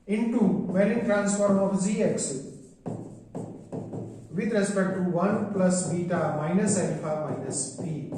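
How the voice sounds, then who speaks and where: A man giving a mathematics lecture, dictating formulas slowly step by step and repeating phrases. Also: high-pitched, a little mellow. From India. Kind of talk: classroom lecture. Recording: very echoey room, voice far from the mic.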